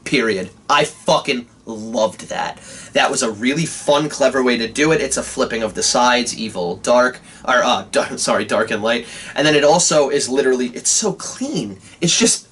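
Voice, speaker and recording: A young man giving an animated, casual movie review, swearing often and restarting his sentences. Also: mid-range voice, slight background noise.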